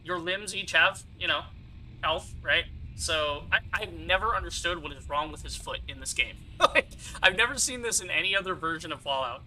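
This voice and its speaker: A young man streaming a video game, talking casually and explaining each mechanic as he goes, with plenty of asides. His voice is very bright and sits a little high for a man, close to a desk mic with a faint hiss behind it. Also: lively intonation, moderate pace, rough recording. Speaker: gaming streamer. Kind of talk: casual let's-play commentary.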